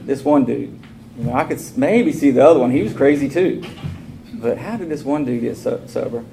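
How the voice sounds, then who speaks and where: A man's voice: mid-range voice, brisk, dark tone. A man speaking at a recovery meeting, telling his story in a candid, casual way and acting out the dialogue. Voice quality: gravelly. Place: meeting room. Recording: noisy room recording.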